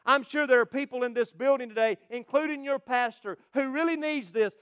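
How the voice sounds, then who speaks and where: Male pastor, sermon, very high voice, smooth resonant tone, loud proclamations, quiet asides. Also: a little fast.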